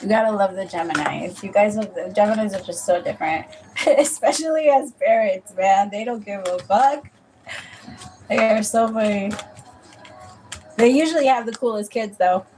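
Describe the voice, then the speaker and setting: A woman's voice: mid-range voice, normal speed, a little mellow, soft background music, poor audio. A woman giving a casual, rambling tarot reading, chatting freely and calling the listener "my love". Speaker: tarot reader.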